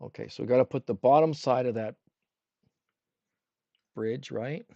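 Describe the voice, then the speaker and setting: A man's voice: mid-range voice, moderate pace, creaky, warm tone, no room sound, dull audio. A man teaching a livestream painting demo, chatting with his viewers and asking them questions as he paints. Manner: talks with a brush in his mouth at times. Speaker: art instructor.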